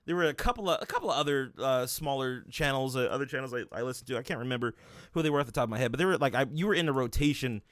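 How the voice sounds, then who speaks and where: A man's voice: mid-range voice, lively intonation, rapid-fire, fairly bright tone, no echo, studio quality. A young man hosting an interview, talking in a rambling casual way with many restarts and fillers. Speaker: podcast host interviewing a guest.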